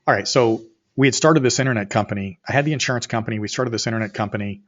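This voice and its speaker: A middle-aged man, an entrepreneur guest on a podcast, telling a story with energy and acting out both sides of the dialogue, sometimes rising to near shouts. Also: mid-range voice, very fast. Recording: muffled, slightly lo-fi audio.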